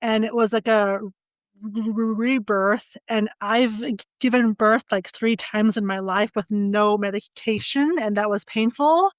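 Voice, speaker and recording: A middle-aged woman recounts a personal experience in an unhurried, halting way, tripping over first sounds and leaning on small fillers. Her voice sits at an ordinary middle pitch. The sound is dry and close, with no room around it. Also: no echo. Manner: halting, many stutters and fillers. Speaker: podcast guest. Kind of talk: personal storytelling.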